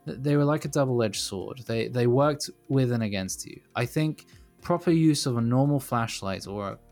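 A man co-hosting a relaxed podcast in a mid-range voice. He rambles through his points with restarts and laughs at himself. Faint music sits quietly behind him. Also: medium pitch, normal speed. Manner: rambling, self-deprecating, laughs often. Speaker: podcast co-host. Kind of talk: casual podcast chat.

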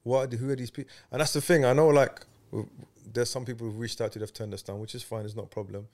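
A man hosting a casual podcast chat, animated and slangy, getting loud when excited. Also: mid-range voice, fast talker. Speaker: podcast host.

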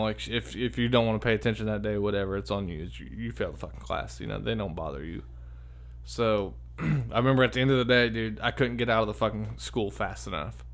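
Rambling, profane man telling a story. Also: lowish voice. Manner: rambling, profane, lots of fillers like "dude" and "like". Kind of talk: casual storytelling.

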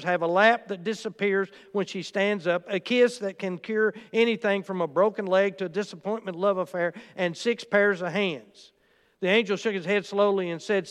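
Male preacher, high smooth voice, storytelling sermon delivery, long hall reverb. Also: fairly bright tone. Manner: storytelling with quotes and asides.

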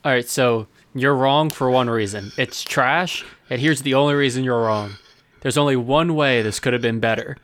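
A man co-hosting a podcast, bantering in a casual, teasing and animated way. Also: medium pitch, dry recording. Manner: animated, teasing, quick to joke. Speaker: podcast co-host.

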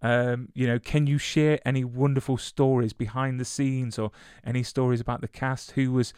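A man's voice: mid-range voice, level tone, normal speed, a little mellow, clean tone, no echo. Chatty male interview host, dry sound. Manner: chatty, eager questions with restarts. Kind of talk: casual interview chat.

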